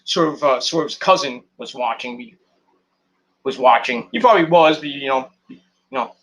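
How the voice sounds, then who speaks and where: A man's voice: fairly high pitch, normal speed, a bit bright. A man recapping and rating a wrestling show in a rambling, casual vlog, full of crude jokes and swearing.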